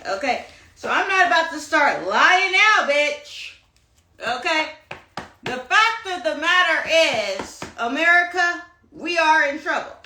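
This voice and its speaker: A woman's voice: on the high side, pushed and bright, roomy sound. A woman giving a casual livestream monologue as a tarot reader, sassy and dramatic, tagging her lines with "okay?" and "honey". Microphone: phone livestream.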